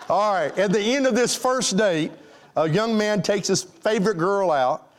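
A male pastor with a fairly high voice, preaching in a loose, folksy way. He jokes and chuckles with his congregation between points of his sermon. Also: moderate pace. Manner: folksy, joking, chuckling with the crowd.

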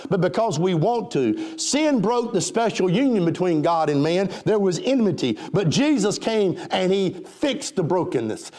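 A man's voice: high voice, darkish tone. A man preaching an emphatic sermon and calling for amens.

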